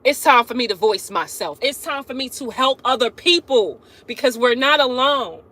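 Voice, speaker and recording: A woman's voice: high-pitched, animated, moderate pace, pushed and bright. A woman hosting a casual live stream, talking straight to her viewers, laughing often and calling them back again and again. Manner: chatty, laughs often, keeps addressing viewers directly.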